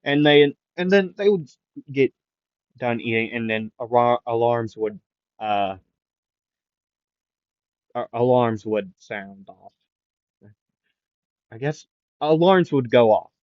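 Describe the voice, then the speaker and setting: A man's voice: medium pitch, expressive, takes it slowly, pauses often, no room sound. A man improvising a fan story, rambling with many fillers and restarts, keeping his voice down after a sore throat. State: recovering from a sore throat, avoids raising voice. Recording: dull lo-fi mic, dry.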